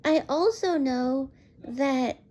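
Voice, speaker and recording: A woman's voice: high-pitched, slow pace, dark tone. A woman giving a casual spoken film review, rambling and exasperated, filling her talk with "like.". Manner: rambling and exasperated, heavy use of "like".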